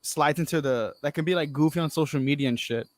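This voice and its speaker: Male co-host, foul-mouthed, joking, slightly high pitch, dry studio mic. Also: fast, dry recording. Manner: profane, blunt and joking. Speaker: podcast co-host. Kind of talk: casual chat.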